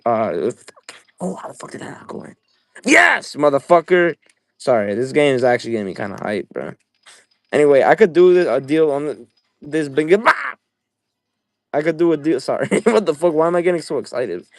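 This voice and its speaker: Profane, excitable young man selling live. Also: fairly high pitch, normal speed, dry recording, studio quality. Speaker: livestream seller. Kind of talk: casual live-selling stream.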